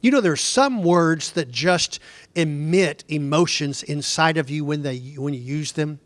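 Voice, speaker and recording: A man's voice: fairly high pitch, fairly bright tone, no echo. A middle-aged man teaching a Bible lesson in a conversational, digressive way, often putting questions to his class.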